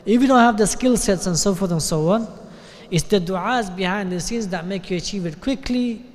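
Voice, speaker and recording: A man with a British accent giving a sermon at a mosque, talking conversationally and often checking in with a quick "yeah?". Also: high voice. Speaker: sheikh giving a talk. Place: mosque hall. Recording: long hall reverb.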